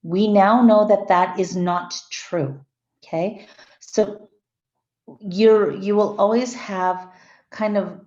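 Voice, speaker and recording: A woman teaches a class in a mellow voice, explaining step by step and often pausing to correct her own wording. She is heard in an echoey room, and the sound is slightly dull. Her pitch sits in the middle range. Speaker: lecturer. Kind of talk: classroom lecture.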